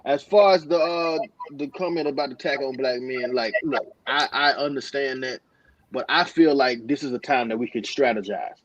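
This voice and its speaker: A man on a podcast panel, talking in a halting, earnest way with many restarts. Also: mid-range voice, fairly bright tone, dry recording, dull audio. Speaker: podcast co-host. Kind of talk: casual discussion.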